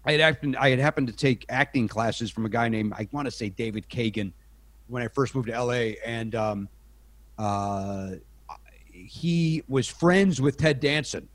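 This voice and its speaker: A man's voice: mid-range voice, moderate pace, dry recording. Middle-aged man, podcast guest, rambling self-deprecating storyteller, mid-range voice, dry close mic. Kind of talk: casual anecdotal storytelling.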